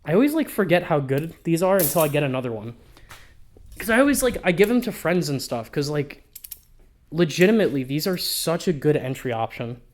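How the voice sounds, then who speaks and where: A man reviewing gear for a casual vlog, speaking in a slightly higher register. He rambles loosely through his thoughts and drops in swear words without a second thought. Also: very animated, fairly quick. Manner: rambling, offhand, sprinkled with swearing. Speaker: balisong reviewer.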